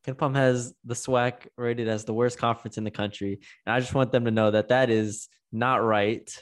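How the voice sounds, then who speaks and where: A man's voice: medium pitch, steady tone, normal speed. Casual male sports podcast co-host. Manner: talks through stats, trips over words.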